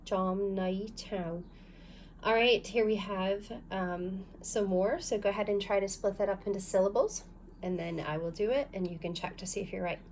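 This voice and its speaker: Woman teacher doing a phonics lesson, patient, step by step, medium pitch, bit of faint noise. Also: fairly quick. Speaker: language teacher.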